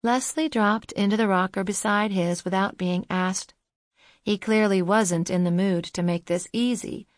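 An audiobook narrator, a woman, reads a novel from a script in a steady, measured storytelling voice. Her mid-range voice is recorded with studio quality and no room sound.

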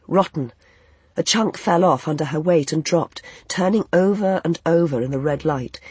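Guy reading an audiobook, kinda husky, dry close sound, steady storytelling. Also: a little high, no room sound. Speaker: audiobook narrator. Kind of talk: scripted narration.

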